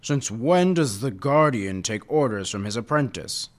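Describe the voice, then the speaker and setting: A man reading aloud, voicing a proud, touchy old male tiger guardian in a gruff, indignant way. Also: medium pitch, lively intonation, measured pace, lightly acted. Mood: grumpy.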